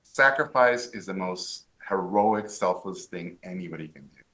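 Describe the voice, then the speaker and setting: A man from Mexico speaks as a podcast guest, voice sitting low but ringing bright. He tells stories with animated energy and slips into the voices of the people he quotes. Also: moderate pace. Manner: animated storyteller who acts out quoted voices. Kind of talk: casual podcast interview.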